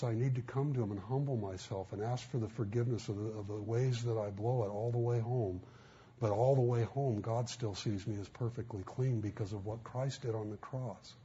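A man's voice: mid-range voice, warm tone, husky. A man preaching a sermon in a folksy storytelling way, acting out quotes. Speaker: pastor. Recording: muffled, faint background hiss.

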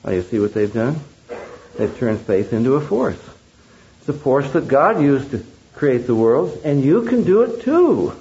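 A man's voice: mid-range voice, a little mellow. A man preaching a sermon, emphatic and full of rhetorical questions to the audience. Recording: dull lo-fi recording.

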